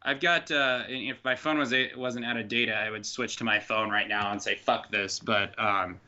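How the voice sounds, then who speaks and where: A man rants on a podcast, his voice piercingly bright and swearing freely in exasperation. He sounds like he is on a dull, lo-fi call line. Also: medium pitch, fairly even intonation, normal speed. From United States. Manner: frustrated, profane ranting. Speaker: podcast co-host. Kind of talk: casual podcast chat. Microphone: online call mic.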